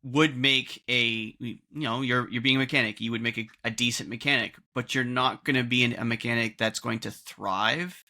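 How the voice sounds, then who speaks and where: A man's voice: mid-range voice, fairly even intonation, moderate pace, hardly any pauses, bright, forceful tone. A man hosting a podcast, responding to his guest in a reflective, affirming way. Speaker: podcast host. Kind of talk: casual interview chat.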